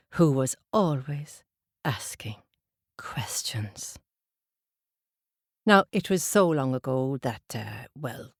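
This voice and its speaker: Low, husky woman telling a story. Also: no room sound, clean studio sound. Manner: slow, unhurried, gentle. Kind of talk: oral storytelling for children.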